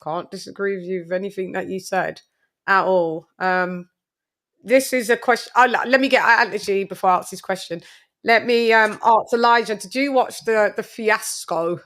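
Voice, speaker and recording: Chatty lady hosting a boxing panel, bright punchy voice. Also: mid-range voice, normal speed. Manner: friendly, chatty, laughs often. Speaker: host. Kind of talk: casual panel chat.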